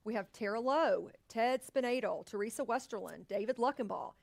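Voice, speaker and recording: Co-host, female: upbeat, chatty name-reader, pitched a little high. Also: normal speed, vocal fry. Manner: upbeat, cheering and laughing between names. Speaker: co-host of a live brokerage sales meeting. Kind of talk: casual live co-hosting, reading name lists. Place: company studio.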